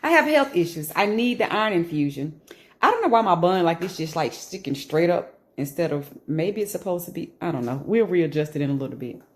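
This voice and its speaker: A woman vlogger at home talking casually to the camera, animated and emphatic, slipping into rants and laughter. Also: on the low side, brisk.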